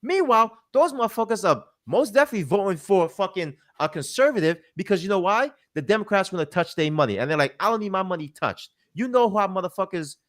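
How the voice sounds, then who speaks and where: High-voiced man on a profane rant. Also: very animated, fast talker, few pauses. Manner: profane, emphatic, mocking quotes. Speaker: commentator. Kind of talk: heated commentary rant.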